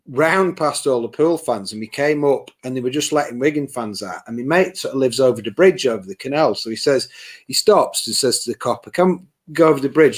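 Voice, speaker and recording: A man chatting on a podcast, telling a story animatedly and acting out what people said. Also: medium pitch. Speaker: podcast co-host. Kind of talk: casual podcast chat.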